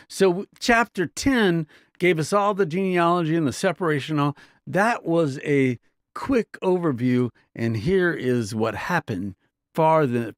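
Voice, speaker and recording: A man with a slightly high, very expressive voice gives an informal Bible teaching. He talks conversationally and keeps stopping to check that his listeners follow him. The recording is dry and close. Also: no room sound.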